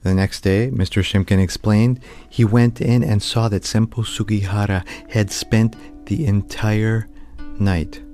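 A man telling a true story as a storyteller, in a measured, vivid way. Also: on the low side, fairly even intonation, dark tone, soft background music. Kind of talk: spoken storytelling.

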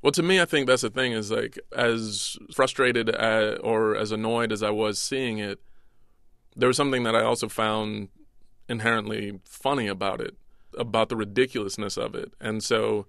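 An American comedian talks through a radio interview, reflective and quick to poke fun at himself. His voice is bright and slightly low. The sound is dry and close. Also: steady tone, vocal fry, dry recording. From United States. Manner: thoughtful, self-deprecating. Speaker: comedian guest. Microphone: studio mic, remote.

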